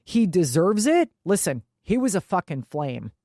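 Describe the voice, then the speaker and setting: A woman's voice: on the low side, sing-song, moderate pace, dark tone, dry recording. Blunt chatty woman, dry sound. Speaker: podcast co-host. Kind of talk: casual sports chat.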